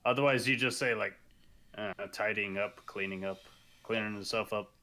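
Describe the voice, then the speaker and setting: A man's voice: fairly low pitch, steady tone, sharp tone. A man joking around as a player in a tabletop game. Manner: joking, drawn-out.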